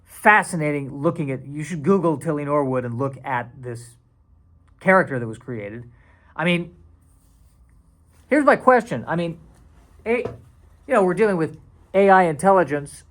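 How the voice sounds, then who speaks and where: A man's voice: a little high, animated, moderate pace, pauses often, a bit bright. A man hosting a solo comedy podcast. He rambles in a self-deprecating way, restarts his sentences and now and then drops into silly put-on voices. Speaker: podcast host.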